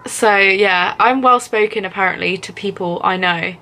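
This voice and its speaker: A woman's voice: medium pitch, pushed and bright. A young woman from England vlogging casually to camera, rambling with many fillers and frequent giggles. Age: young adult.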